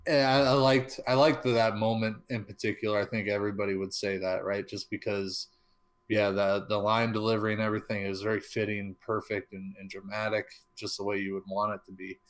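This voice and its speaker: A man with a lowish voice talks through a film in a relaxed podcast chat. He stumbles, restarts and fills pauses with "um" as he gathers his thoughts. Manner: halting, stuttering, many fillers and restarts. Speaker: podcast co-host. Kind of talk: casual film discussion.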